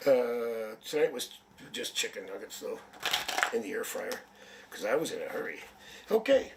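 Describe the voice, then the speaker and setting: A man's voice: medium pitch, expressive, moderate pace, creaky, recorded from a distance, background noise. A man from Canada reading tarot on a live stream, chatty and rambling, with jokes, a sniffle and a headache. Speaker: tarot reader.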